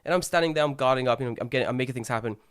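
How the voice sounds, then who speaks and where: A young man co-hosting a podcast, telling animated stories, swearing freely and acting out what people said. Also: medium pitch, racing, clear, resonant tone. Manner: animated storyteller, swears freely, acts out quotes. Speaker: podcast co-host. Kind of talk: casual chat.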